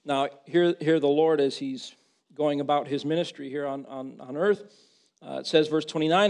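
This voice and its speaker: A man's voice: medium pitch, fairly even intonation, normal speed, gravelly, a little mellow. A man preaching a sermon, reading scripture aloud and repeating words as he builds to impassioned, rising emphasis.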